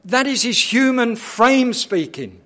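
A man preaching a sermon, dramatic, swinging from hushed lines to loud, intense ones. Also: very high voice, big pitch swings, slow.

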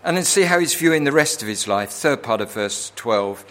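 A man preaching a sermon earnestly, with tag questions, who swells to impassioned, near-shouted pleading when voicing prayers. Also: mid-range voice, animated, normal speed, few pauses.

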